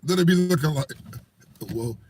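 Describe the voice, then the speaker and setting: A man, telling animated stories in casual chat and acting out the voices of the people in them. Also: fairly high pitch, moderate pace, vocal fry, slight background noise. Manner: animated storyteller acting out quoted voices, laughing often. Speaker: co-host.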